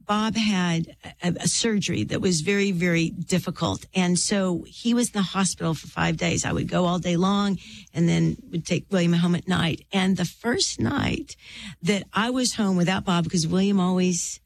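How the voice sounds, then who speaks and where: A woman's voice: on the low side, vocal fry, a little hiss or hum. Earnest middle-aged woman telling a faith story. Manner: earnest and heartfelt, drawn-out pauses, preacherly. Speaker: author and interview guest.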